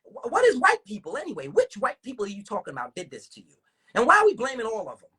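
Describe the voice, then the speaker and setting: A woman with a husky voice, hosting a casual livestream and ranting in animated, profane talk full of rhetorical questions. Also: a little high, quick pace. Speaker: livestream host.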